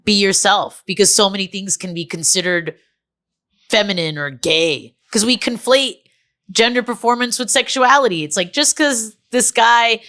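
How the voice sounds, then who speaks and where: A young adult American woman, a comedian guest in a casual podcast chat, candid and expressive, moving between earnest and playful. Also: medium pitch, normal speed. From United States.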